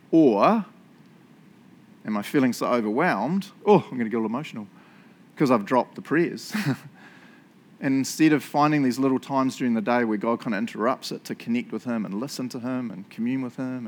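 A middle-aged man giving a relaxed sermon. He talks to his congregation like friends, confessional and self-deprecating, and laughs easily. His voice sits at an ordinary middle pitch. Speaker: pastor. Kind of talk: casual conversational sermon.

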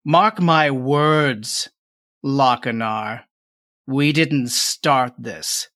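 Narrator voicing a slow vengeful crone spirit. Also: mid-range voice, fairly bright tone, no room sound, studio quality. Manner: slow, drawn-out, menacing.

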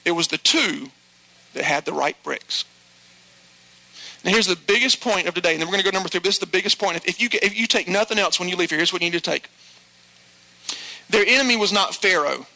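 A male pastor delivers an animated sermon in a very high, piercingly bright voice. He acts out the people he quotes and drops his voice low when he drives a point home. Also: fast talker, creaky, pauses often, rough recording.

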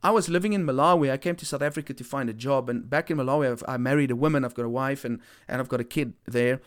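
A man's voice: mid-range voice, quick pace, clear, resonant tone, voice pushed down, natural voice. A man doing a troubled migrant worker.

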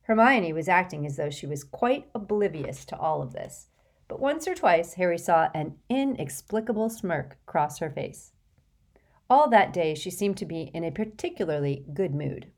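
A woman reading a storybook aloud as an audiobook narrator, in an even, clear way. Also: on the low side, normal speed.

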